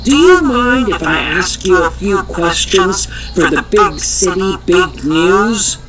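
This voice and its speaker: A man voicing an eager young woman newspaper reporter who talks in an earnest, excitable and easily outraged way. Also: sits high, takes it slowly, over a noisy crowd, voice pushed up, rough recording.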